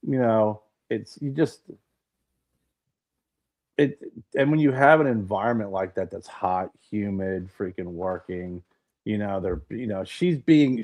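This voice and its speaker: A man with a lowish voice reflects on his co-host's story. He speaks at an easy, measured pace and lets a casual curse slip now and then. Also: a little mellow. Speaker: podcast co-host. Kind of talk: casual chat.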